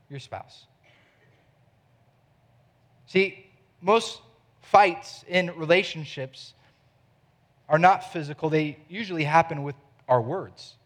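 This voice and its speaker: A man's voice: high voice, a bit bright. A man in his thirties, a pastor preaching a sermon, who keeps pressing his listeners with direct questions.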